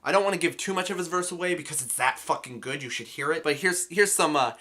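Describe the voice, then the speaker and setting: Casual male music reviewer, excitable and foul-mouthed, bright tone. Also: on the high side, quick pace, hardly any pauses. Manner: enthusiastic, swears freely.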